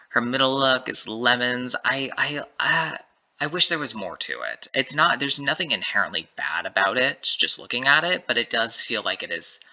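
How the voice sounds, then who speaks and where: A man with a low-set voice and a very bright, forceful edge, talking in a loose, casual commentary. He rambles and keeps correcting his word choices, packing his sentences with "like" and "you know". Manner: rambling, self-correcting, lots of fillers. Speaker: drag race recap commentator.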